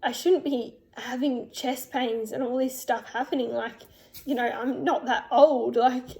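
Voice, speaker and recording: Tearful, halting young woman. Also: fairly high pitch, steady tone, creaky, mellow. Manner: tearful, halting, many fillers and restarts. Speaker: vlogger. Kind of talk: emotional personal story vlog.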